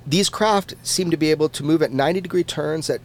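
A man being interviewed as a podcast guest, who talks in an animated and casual way, swears freely and often restarts his words. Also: fairly high pitch, fast talker.

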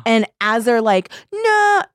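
A woman in a casual book chat, asking one incredulous question after another. Her voice swings up and down a lot around a middle pitch, and the sound is dry and close. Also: sing-song, measured pace, dry recording.

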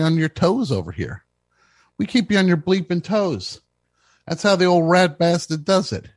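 A man hosting a comedic radio show, riffing brashly and swinging between mock shouting and muttering. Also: a little high, dry recording, studio quality. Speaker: host. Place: radio studio.

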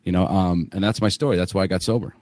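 Candid man telling a rough story. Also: sits low, steady tone, quick pace, a little mellow, no echo, studio quality. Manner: candid, swearing, many fillers and restarts. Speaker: podcast host. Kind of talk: casual podcast story.

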